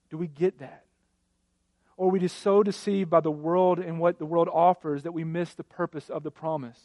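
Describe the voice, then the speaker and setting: A man in his thirties preaching a sermon, telling stories with animated swings between loud passages and hushed ones. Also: sits high, no echo. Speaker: pastor.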